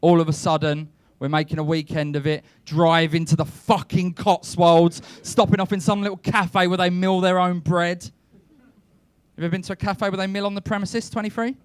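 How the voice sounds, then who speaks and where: A young man doing a stand-up comedy set on a club stage, telling his stories deadpan and breaking into shouted rants. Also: high-pitched, moderate pace, clean tone, no echo. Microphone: handheld stage mic.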